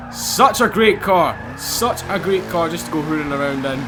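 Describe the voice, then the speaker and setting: Excitable male gamer, high voice, gameplay commentary with game music behind. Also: normal speed, few pauses. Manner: excitable, laughing, exclamatory. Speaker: gaming YouTuber.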